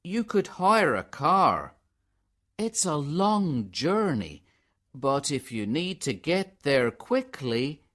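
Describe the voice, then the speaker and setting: A man voices a polite airport ticket clerk in a storybook, apologetic and sympathetic. The delivery is slow with a lively pitch. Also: heavily acted. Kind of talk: storybook reading.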